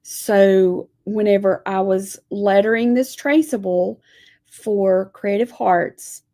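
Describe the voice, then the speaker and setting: A woman teaching lettering leads a live craft lesson, chatting in a folksy way and saying "y'all" as she walks viewers through her work. Her voice is mid-range and warm, slow and fairly even in intonation.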